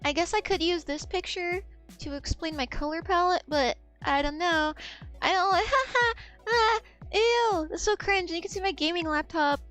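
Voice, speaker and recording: A woman's voice: very high-pitched, moderate pace, fairly bright tone, faint music behind. A woman in her twenties chatting casually as a streamer, rambling, losing her thread and swearing freely. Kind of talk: casual chat.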